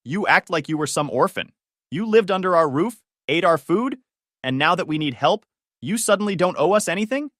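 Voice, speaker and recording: A man's voice: medium pitch, big pitch swings, normal speed, no echo, studio quality. A man voicing a bitter middle-aged mother who snaps and guilt-trips in a raised voice. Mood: indignant. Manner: sharp, raised voice.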